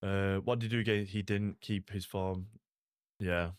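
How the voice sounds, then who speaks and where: This streamer from Salford, England, is a young man chatting easily to his audience mid-game, relaxed and full of "like" and "mate." He speaks in a low voice with fairly even intonation at a normal speed. The sound is dry and studio-grade.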